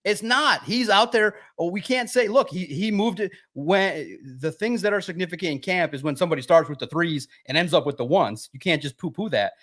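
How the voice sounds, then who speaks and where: A man guesting on a sports podcast, telling stories in an animated way and swearing freely. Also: high-pitched, brisk, few pauses. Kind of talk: casual podcast chat.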